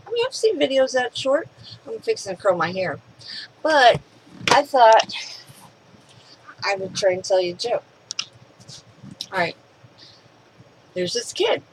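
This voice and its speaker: A woman's voice: a little high, sing-song, unhurried, long pauses, noisy background. A woman, talking casually and opinionatedly to camera at home. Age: 50s. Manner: chatty, rambling, opinionated. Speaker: vlogger.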